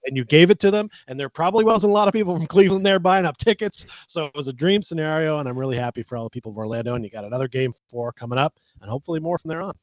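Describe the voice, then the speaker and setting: A man's voice: fairly high pitch, animated, racing, hardly any pauses, no echo. A man co-hosting a casual sports podcast, bantering and joking as a fan. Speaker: podcast co-host. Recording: slightly dull lo-fi mic.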